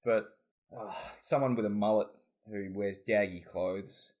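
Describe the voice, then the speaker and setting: A man's voice: lowish voice, steady tone, a little slow, a little mellow. A man with an Australian accent, a podcast guest chatting in a rambling, easygoing way. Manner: easygoing, rambling, laughs often. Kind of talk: casual chat.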